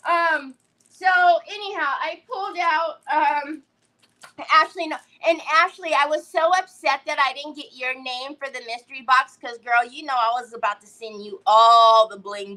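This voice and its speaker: A woman's voice: high-pitched, animated, moderate pace, sharp tone, rough recording. A woman hosting a live crafting stream, chatting casually, giggling often and greeting viewers by name. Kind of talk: casual livestream chat while crafting.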